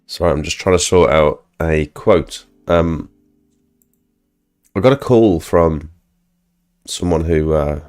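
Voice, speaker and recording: Ill man, deep register, loose filler-heavy live-stream chatter. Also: slow pace, pauses often, a little mellow. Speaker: pressure washing business owner and live streamer. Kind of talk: casual live-stream chat.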